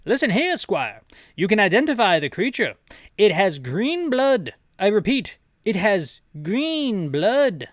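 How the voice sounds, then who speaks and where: A man's voice: high voice, big pitch swings, slow pace, no echo, clean studio sound, voice pushed up, exaggerated voice. A man putting on a pompous British radio officer. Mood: clipped formal. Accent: put-on British. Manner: stiff, formal radio talk, calls people governor and squire.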